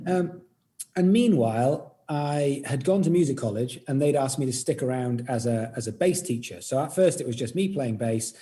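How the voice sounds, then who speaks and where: A man's voice: mid-range voice, animated, moderate pace, mellow. A middle-aged Welsh man with a Welsh accent, a music educator talking modestly as an interview guest, laughing often. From Wales. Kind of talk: casual interview chat.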